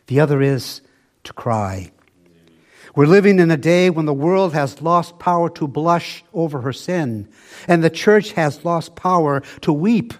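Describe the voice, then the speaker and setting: An older man preaching a sermon, slow and emphatic, often dropping to a soft, low voice for weight.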